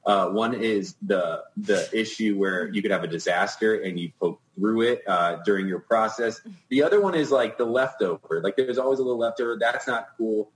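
A man's voice: lowish voice, normal speed, few pauses, rough recording. A man co-hosting a podcast, rambling in casual chat with many ums and restarts. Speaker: podcast co-host.

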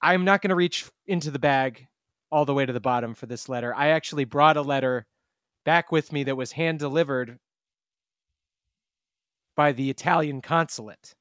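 A man hosting a comedy sports podcast, talking in quick, animated, joking banter. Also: medium pitch, no room sound, clean studio sound. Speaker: podcast host.

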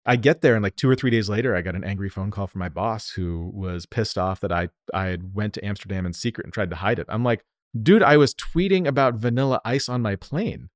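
A man from the United States, a company founder, telling stories in an animated, lively way during a casual interview. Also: low voice, quick pace, few pauses, dry recording, clean studio sound. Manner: animated, lively storyteller who acts out quotes.

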